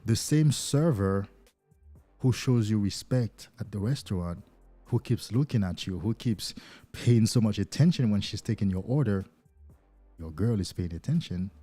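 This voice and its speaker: Man with a low, dark, husky voice. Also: moderate pace, faint music behind. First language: not English. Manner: animated, acting out little scenes in other voices. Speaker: life coach. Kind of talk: livestream talk to viewers.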